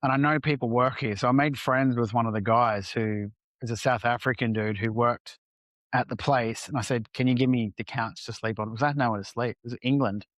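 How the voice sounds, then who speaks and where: A man's voice: mid-range voice, steady tone, a little fast, a bit bright, no echo. A man talking as a podcast guest, telling a personal story candidly and casually, with some swearing and acted-out bits of dialogue. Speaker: entrepreneur guest.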